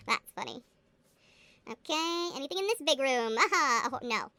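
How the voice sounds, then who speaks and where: With no room sound in the recording, a gaming booktuber speaks in a high-pitched, bright, forceful voice with lively intonation at a moderate pace. She talks to herself while playing, chatty and giggly, slipping into a teasing mock accent now and then during casual game commentary.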